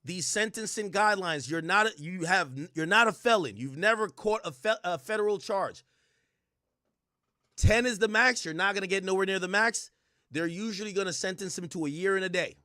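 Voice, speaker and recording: A man streaming live reaction commentary in a loud, joking, profane rant. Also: high voice, moderate pace, no room sound, studio quality.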